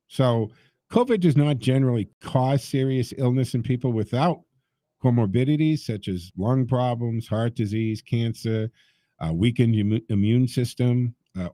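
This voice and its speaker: A man's voice: mid-range voice, warm tone, dry recording. A man hosting a call-in talk radio show, talking emphatically and sarcastically and addressing his listeners directly.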